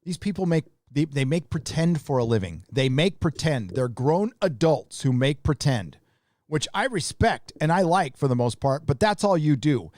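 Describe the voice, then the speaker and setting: A man's voice: fairly high pitch, big pitch swings, moderate pace, darkish tone, no room sound, studio quality. Profane ranting male stream host. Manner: reads out viewer donations. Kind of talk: casual live stream commentary.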